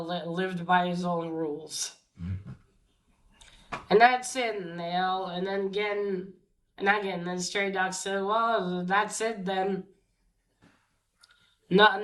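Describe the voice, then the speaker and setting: A young woman recaps a comic book plot in a casual, chatty way. She stops and restarts often, filling gaps with ums and uhs. Her voice sits in a middle pitch range. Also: a bit bright. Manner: hesitant, many fillers and restarts.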